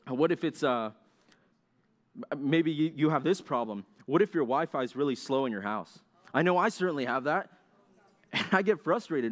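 A young man preaches in a relaxed, conversational way and keeps asking his listeners questions. Now and then he slips into quick complaining voices to act out everyday moments. His voice sits at a middle pitch. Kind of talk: sermon.

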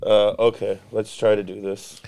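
A man's voice: fairly low pitch, level tone, moderate pace, warm tone, a little hiss or hum. Laid-back co-host man. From Canada. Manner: laid-back, chimes in, runs the show. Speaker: podcast co-host. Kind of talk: casual chat.

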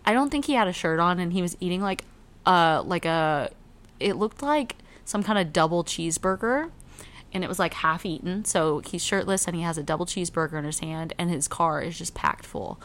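A young woman with a fairly low voice tells a story to her roommates in casual chat. She acts out the quoted voices with animation. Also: expressive, a little fast, a bit bright.

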